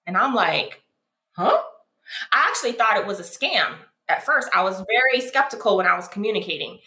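A woman being interviewed, telling her story in an animated way and acting out what people said. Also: mid-range voice, normal speed. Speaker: guest, founder of a foot care brand. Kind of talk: casual interview conversation. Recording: echoey room.

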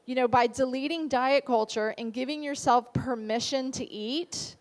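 A woman's voice: on the high side, unhurried. A woman dietitian teaching a class in a casual, conversational way, often asking the audience rhetorical questions.

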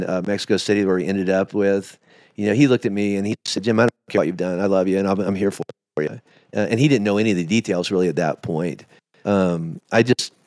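A middle-aged pastor, appearing as a podcast guest, tells his story in a candid, emotional, confessional way, halting at the hard moments. His voice is lowish, with no echo.

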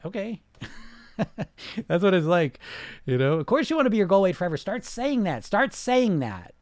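A man hosting a podcast as a weight loss coach, talking bluntly with swearing and rapid rhetorical questions. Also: sits high, big pitch swings, a little mellow, dry recording, clean studio sound. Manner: mocks listeners with put-on whiny voices. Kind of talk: casual podcast monologue.

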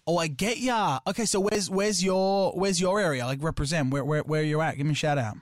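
Upbeat Australian host, a man pitched high, peppering a guest with questions in a dry booth. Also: dry recording. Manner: eager, chatty, rapid-fire questions. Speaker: radio host. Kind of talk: casual phone interview.

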